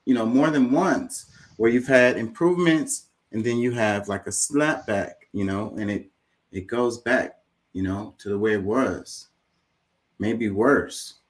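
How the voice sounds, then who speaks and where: A man hosts a video and reacts to a clip in a casual, rambling way. His voice sits somewhat low. He talks informally and keeps repeating "you know" as he gathers his thoughts. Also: a little mellow, low-quality recording. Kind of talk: casual commentary.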